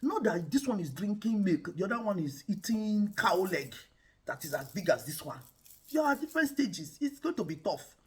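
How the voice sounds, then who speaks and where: Animated woman preaching relationship advice. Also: medium pitch, moderate pace, husky. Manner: animated, preacher-like, addresses viewers as guys. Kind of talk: preaching-style relationship talk.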